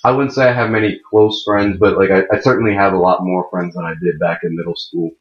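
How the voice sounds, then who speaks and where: A man's voice: sits low, steady tone, quick pace. A young man of about eighteen hosting a let's play, giving chatty, rambling commentary that keeps correcting itself. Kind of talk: casual gameplay commentary. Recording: muffled mic in a wrong jack, echoey room. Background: faint game music.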